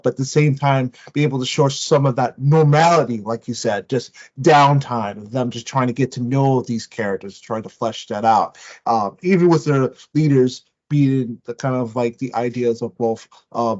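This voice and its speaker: A man co-hosting a podcast, chatting in an excited, rambling way with many restarts. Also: medium pitch, highs cut off. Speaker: podcast co-host. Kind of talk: casual review chat.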